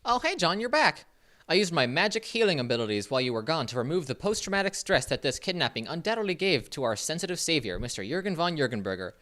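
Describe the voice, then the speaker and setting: A comedy podcast co-host whose delivery swoops wildly up and down in pitch. The tone is mock-serious, and the pitch sits at an average level. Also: big pitch swings, quick pace, few pauses, fairly bright tone.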